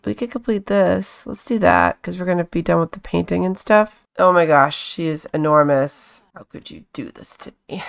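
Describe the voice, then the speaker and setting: A woman's voice: lowish voice, vocal fry, clean tone. A woman hosting a casual let's-play, chatting along and coaxing her characters with pet names. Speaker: gaming channel host.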